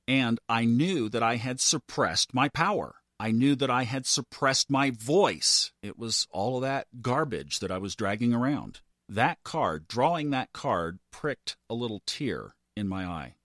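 A man's voice: mid-range voice, unhurried, dry recording. Earnest, dry-sounding man in his fifties. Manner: earnest, building to animated emphasis. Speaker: podcast host. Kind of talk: personal storytelling monologue.

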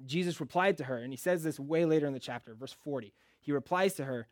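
A man preaching a casual, joking sermon in a relaxed conversational way. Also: medium pitch, a little fast, no room sound, studio quality.

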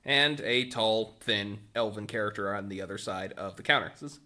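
A man's voice: fairly low pitch, normal speed, few pauses, sharp tone. A man narrating as game master on a tabletop game podcast, joking and rambling with restarts.

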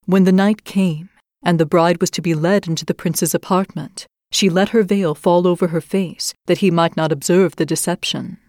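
A woman storyteller reading an old fairy tale aloud in a measured, even manner. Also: lowish voice, no room sound, studio quality.

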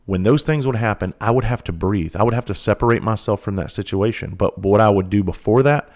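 Man, very low voice, blunt, heartfelt, cursing, monologue. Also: brisk, darkish tone. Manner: blunt, casual cursing, repeats phrases; earnest, heartfelt storytelling. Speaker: trainer for first responders. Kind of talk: candid monologue.

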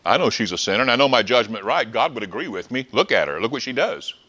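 A man's voice: medium pitch, big pitch swings, fast, pushed and bright, muffled recording, voice pushed down. A man acting out a smug, self-righteous male Pharisee who sneers and judges. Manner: sneering, judgmental.

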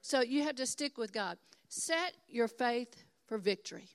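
A woman's voice: a little high, expressive, measured pace, smooth. An older woman from Texas preaching a sermon in an earnest, encouraging and emphatic way. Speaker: pastor.

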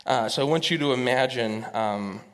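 A man preaching in a relaxed storytelling style at an average pitch, leaning on casual fillers as he goes. His voice rings with a long hall reverb. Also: normal speed. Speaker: pastor. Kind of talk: sermon.

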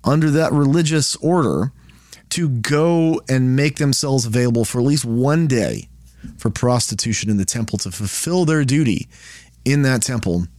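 A man's voice: medium pitch, moderate pace, darkish tone, no echo. A man giving a casual Bible study, talking conversationally and often checking in with "right?". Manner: conversational, frequent "right?" and restarts.

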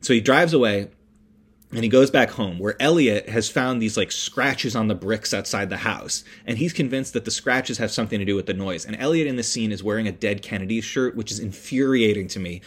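A man hosting a podcast, recapping a film in a rambling, animated way, with many fillers, restarts and swear words. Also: lowish voice, brisk, slightly rough. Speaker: podcast host. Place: indoors, construction noise nearby.

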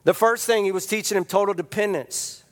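A preacher speaking to his congregation, animated and storytelling, with a fairly high male voice. The sound carries a long, echoing hall reverb. He moves between plain talk and acted-out voices as he preaches. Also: fairly quick. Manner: animated storytelling, acts out quotes with comic voices. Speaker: pastor. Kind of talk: sermon.

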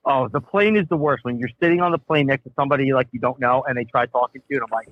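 A man's voice: medium pitch, rapid-fire, muffled recording. A man co-hosting a casual podcast, blunt and profane as he rants. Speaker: podcast co-host. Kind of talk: casual banter.

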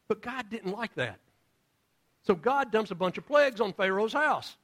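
A man's voice: high-pitched, expressive, normal speed, fairly bright tone. A male pastor preaching a sermon in a casual, storytelling way, acting out the characters in his stories. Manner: casual, storytelling with acted-out voices.

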